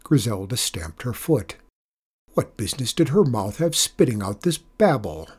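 A storyteller reading a folk tale aloud in a measured, expressive way. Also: medium pitch, husky. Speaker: narrator. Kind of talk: storybook narration.

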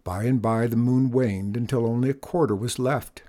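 A man narrating a children's storybook in a measured, expressive reading. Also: medium pitch.

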